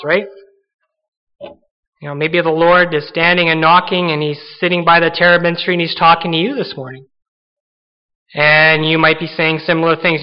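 A man's voice: fairly high pitch, clean tone, dull audio. A male pastor preaching a sermon in an earnest, conversational way, full of rhetorical questions.

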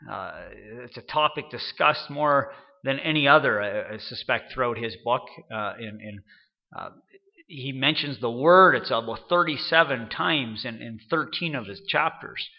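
A man giving an unscripted sermon, halting often and repeating words as he goes. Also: medium pitch, lo-fi sound. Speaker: preacher.

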